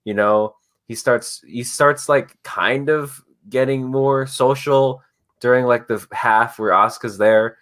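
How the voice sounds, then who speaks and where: Man chatting on a podcast. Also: mid-range voice. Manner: animated storytelling with quick voiced asides. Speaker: podcast host. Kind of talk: casual chat.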